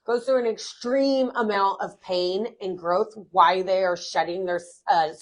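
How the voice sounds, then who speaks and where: A woman's voice: mid-range voice, steady tone, measured pace. A woman co-hosting a casual motivational chat, upbeat and chatty with many fillers. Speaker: co-host.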